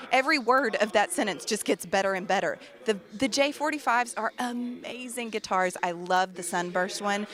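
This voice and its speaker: A woman's voice: mid-range voice, a bit bright. A woman from Tennessee, hosting a live radio broadcast in a bubbly, gushing way. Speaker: radio show host.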